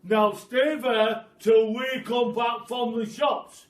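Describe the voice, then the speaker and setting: A man's voice: very high voice, steady tone, slow pace, voice pushed up. A man voicing Mr Twit, a cruel, bossy old man who barks his orders. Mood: barking orders. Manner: barking, commanding. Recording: echoey room, mic at a distance.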